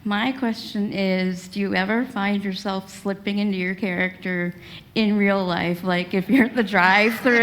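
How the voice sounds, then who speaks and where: A woman's voice: mid-range voice, steady tone, normal speed, a bit bright, slight background noise. A woman in the audience, earnest and grateful, a little nervous as she asks the panel her question. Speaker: audience member asking a question.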